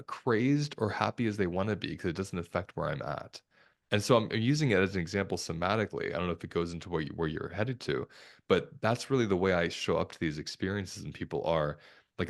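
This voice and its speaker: Deep gravelly-voiced man speaking calmly. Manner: calm, reflective, measured. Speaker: podcast guest, somatic therapist. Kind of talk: conversational interview talk.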